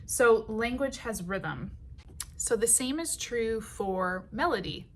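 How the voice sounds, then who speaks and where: A woman teaching songwriting in a patient, unhurried way, with many ums and short sung phrases. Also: fairly high pitch, animated, slight background noise.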